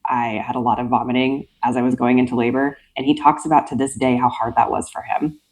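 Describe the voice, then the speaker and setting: A woman's voice: extremely low pitch, level tone, fast talker, darkish tone. A woman co-hosting a book club podcast, chatting casually and sharing personal stories. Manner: personal, anecdotal. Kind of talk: casual chat.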